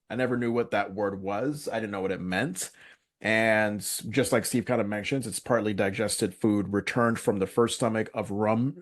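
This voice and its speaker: A young man co-hosting a casual podcast, chatting animatedly, often laughing, swearing and acting out lines from a sitcom in put-on voices. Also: medium pitch. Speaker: podcast co-host recapping a sitcom. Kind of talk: casual chat.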